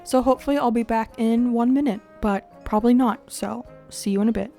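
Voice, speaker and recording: A woman's voice: on the high side, brisk, creaky, warm tone, faint music behind. Bubbly young woman chatting over gameplay. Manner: chatty, playful, laughs often, talks to viewers. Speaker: video game streamer. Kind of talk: casual gameplay commentary.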